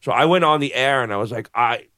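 A man's voice: medium pitch, fast talker, sharp tone, clear, resonant tone, no echo, clean studio sound. A man telling a long story in casual chat, swearing freely and acting out the voices of the people in it.

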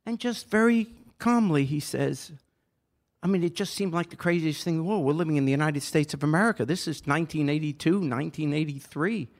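Older male podcast host with a slightly high voice, earnest storyteller who turns impassioned. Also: fairly quick. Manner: earnest, grows impassioned and pleading. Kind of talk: casual personal storytelling.

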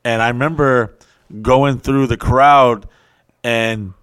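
A young adult man in casual, profane podcast banter, telling stories with exaggerated high-pitched quoted voices. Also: takes it slowly, clear, resonant tone, dry recording. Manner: profane, animated storytelling with high mocking put-on quotes.

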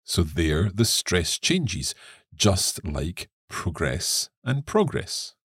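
A man's voice: low-pitched, big pitch swings, very slow, slightly rough, dry recording, clean studio sound. A man co-hosting a podcast English lesson, reading the text aloud and asking questions about it. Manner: reads the lesson text, then asks questions.

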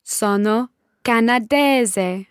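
Slow, careful Scottish woman learner. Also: fairly high pitch, clean tone, dry recording, clean studio sound. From Scotland. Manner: repeats phrases carefully after the teacher. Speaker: learner co-host. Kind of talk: podcast language lesson.

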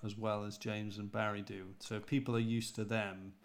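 An English preacher with a North Midlands accent, chatting casually and rambling, often correcting himself mid-sentence. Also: male voice, fairly low pitch, normal speed. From England. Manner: relaxed, rambling, self-correcting. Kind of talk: casual podcast chat.

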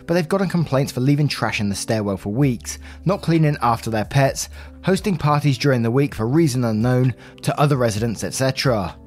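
A man's voice: medium pitch, darkish tone. A man hosting a channel, casually reading aloud online stories about neighbours in a chatty, friendly way.

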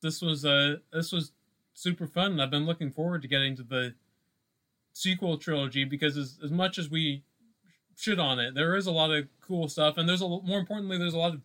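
A man co-hosting a podcast, chatting casually with many pauses, restarts and "you know"s. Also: on the high side, sharp tone. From Scottish roots. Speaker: podcast co-host. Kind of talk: casual chat.

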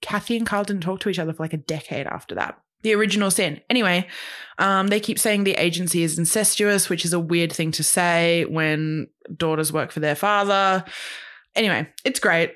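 A woman co-hosting a podcast, recapping pop culture in fast, gossipy casual chat. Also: on the low side, fairly bright tone. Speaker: podcast co-host.

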